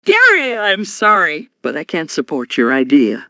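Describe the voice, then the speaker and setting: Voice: mid-range voice, wildly swooping pitch, unhurried, bright, forceful tone, dry recording, clean studio sound, exaggerated voice. A text-to-speech voice playing an exasperated cartoon character who scolds a pet. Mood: scolding.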